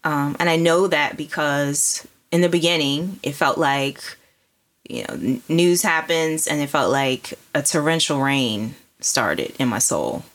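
A woman's voice: sits low, unhurried. A woman who co-hosts a podcast and works as a coach, talking casually and reflectively with vivid imagery. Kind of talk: casual intimate conversation.

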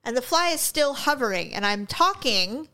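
A woman's voice: sits high, very animated, normal speed, sharp tone, clean tone. A middle-aged woman in casual chat, telling stories with playful exaggeration and frequent laughter.

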